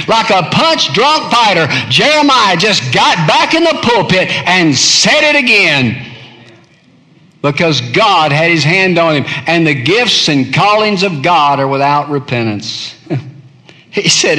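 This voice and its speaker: Male preacher, slow and bright, delivering a sermon with big dynamic swings from near-whisper to ringing cries. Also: big pitch swings, long reverb tail. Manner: dramatic swings from hushed murmur to loud high cries.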